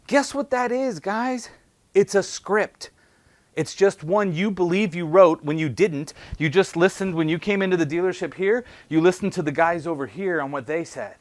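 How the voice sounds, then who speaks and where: In a sales training talk, a man with a voice on the high side fires off punchy rhetorical questions. He's animated, playing the parts of callers and salespeople. There's no echo.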